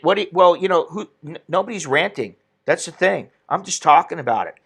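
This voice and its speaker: A man's voice: fairly high pitch, expressive, fairly quick, vocal fry, a bit bright, slightly rough. A man hosting an opinionated commentary stream, ranting indignantly and reading viewer comments aloud. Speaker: political commentary host.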